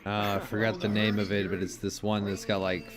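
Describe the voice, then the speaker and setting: Un uomo che spiega con calma in una chat di gruppo. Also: male voice, fairly low pitch, a little fast, loud music behind the voice. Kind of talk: casual chat in a VR social game.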